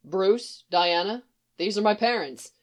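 A woman voicing a gentle grown son, a young man who is earnest and a little exasperated. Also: mid-range voice, expressive, slow pace.

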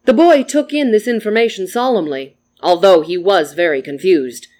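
Gentle storybook narrator. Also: mid-range voice, moderate pace. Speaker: story reader.

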